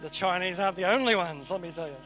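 A man preaching a sermon, animated and emphatic, swinging between loud and quiet. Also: high voice, fast, faint music behind, poor audio.

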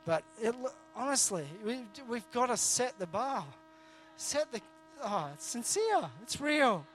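High-voiced man preaching casually. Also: big pitch swings, measured pace, fairly bright tone, faint music behind. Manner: earnest, jokey, frequent restarts. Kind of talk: conversational sermon.

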